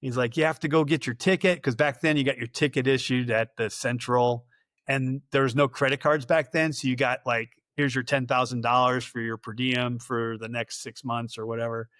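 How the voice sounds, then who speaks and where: A middle-aged man spins long, rambling stories as a podcast guest, slipping into quoted back-and-forth and chuckling along the way. His voice sits at an ordinary pitch for a man. The recording is close and dry, with no room sound. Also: fairly even intonation, moderate pace, fairly bright tone, no room sound. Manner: rambling anecdotes with acted-out quoted dialogue, laughing often. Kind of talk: casual storytelling interview.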